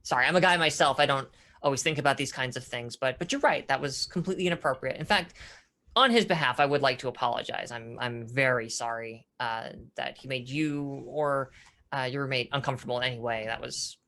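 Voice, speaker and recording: A woman game master voicing a gentle, sincere man who stammers through apologies. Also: very deep voice. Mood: apologetic. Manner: stammering, halting, many restarts.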